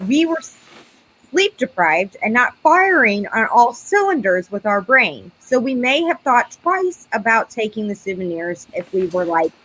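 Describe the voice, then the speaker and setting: A woman's voice: on the high side, sing-song, measured pace, fairly bright tone, a little hiss or hum, poor audio. Chatty woman telling a story. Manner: chatty storytelling, acting out quotes. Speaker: paranormal investigator guest. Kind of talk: casual live-stream chat.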